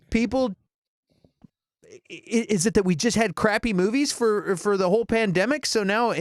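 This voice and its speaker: A man with a high, very lively voice co-hosts a casual movie chat. He jokes around and rambles through lots of fillers. The sound is dry and close. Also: dry recording. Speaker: podcast co-host.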